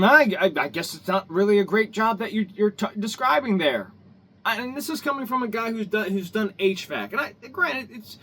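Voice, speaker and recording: Husky high-voiced man on an angry rant. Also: fairly bright tone. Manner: profane, heated, repetitive, stumbling restarts. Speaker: vlogger.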